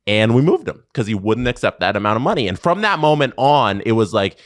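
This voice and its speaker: A man's voice: medium pitch, a little fast, few pauses, no room sound, studio quality. A man co-hosting a podcast, telling stories casually and laughing easily. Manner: lively storytelling, laughs easily. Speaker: podcast co-host. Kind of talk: casual chat.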